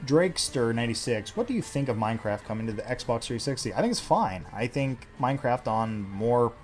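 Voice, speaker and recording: A man's voice: medium pitch, expressive, brisk, soft background music. A man hosting a casual Q&A, answering viewer questions in a dry, sarcastic way. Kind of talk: casual Q&A chat.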